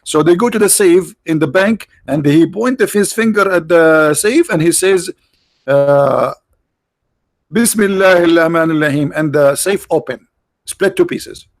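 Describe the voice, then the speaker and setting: A man hosts a live stream in a mocking, sarcastic manner and keeps firing off rhetorical questions. His voice sits a little high and sounds tired, and he clears his throat now and then. The recording is dry and close, with no room sound. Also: a little slow, no room sound. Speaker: online show host.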